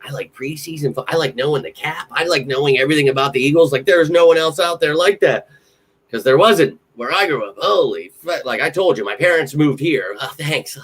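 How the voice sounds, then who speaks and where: A young man from central Pennsylvania hosting a casual live stream, talking in an excitable, rambling way and swearing freely. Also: mid-range voice, breathy edge. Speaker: podcast host.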